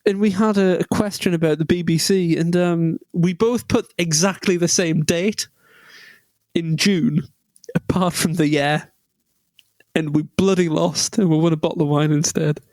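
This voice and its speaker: Brief: co-host, fairly high voice, loose self-mocking storyteller, dry close sound. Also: male voice, fairly even intonation, moderate pace, darkish tone, no room sound. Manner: rambling, self-deprecating, with many ums. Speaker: podcast co-host. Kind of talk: casual chat, storytelling.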